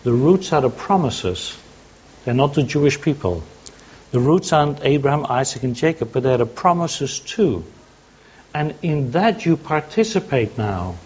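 A man's voice: medium pitch, very animated, unhurried, darkish tone, husky, lo-fi sound. A man preaching a sermon, teaching by asking questions and answering them himself. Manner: teaching, asks and answers his own questions.

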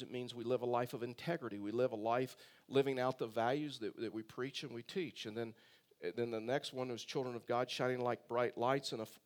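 A male pastor preaching a sermon in a conversational storytelling way, full of rhetorical questions. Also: medium pitch.

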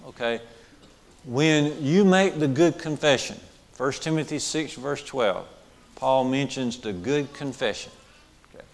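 A male preacher with an expressive, mid-range voice delivers a sermon at an unhurried pace in a large hall. He repeats key phrases for emphasis and keeps checking in with listeners, asking them questions and saying "okay" often.

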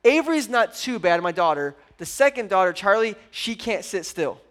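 A high-pitched man in his thirties delivers a sermon as a pastor. He tells stories with animated energy, dropping low and quiet, then surging loud and excited as he urges the crowd on. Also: moderate pace. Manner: animated storytelling, acts out his daughter's voice.

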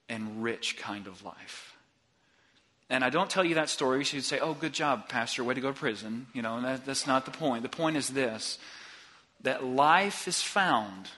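A male pastor preaching a sermon with earnest repetition, going soft and slow for heartfelt confessions. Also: medium pitch. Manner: earnest, repeats phrases, drops soft for quoted confessions.

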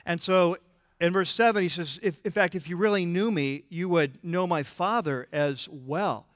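A man preaching a sermon in a church, conversational and animated, with frequent restarts and filler words. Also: high voice, moderate pace, dry recording, clean studio sound. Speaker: pastor.

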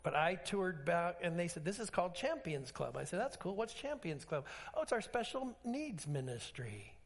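A man pastor preaching a sermon, telling stories with acted-out dialogue and emphatic swings in pitch. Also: sing-song, moderate pace. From Alaska.

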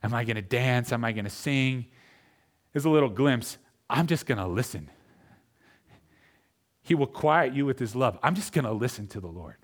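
Man, pastor, sermon, middle pitch, emphatic, addresses the congregation. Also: expressive, moderate pace, long pauses. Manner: emphatic preaching, swinging from hushed to loud.

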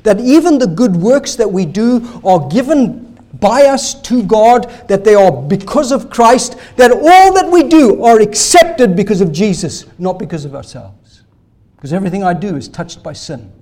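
A male pastor preaching a sermon, emphatic, asking rhetorical questions and swinging between loud declarations and soft asides. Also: high-pitched, lively intonation, moderate pace.

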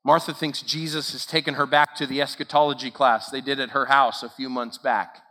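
Bright-voiced man preaching in a hall. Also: medium pitch, flat delivery, brisk. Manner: emphatic, repetitive preaching cadence. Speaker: camp speaker. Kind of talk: sermon. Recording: long hall reverb.

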